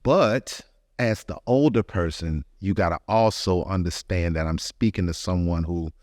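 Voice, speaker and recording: A man's voice: low voice, normal speed, a little mellow, no echo, studio quality. A middle-aged man, a podcast co-host, talking in a reflective, easygoing way in casual chat. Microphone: podcast studio mic, facing own camera.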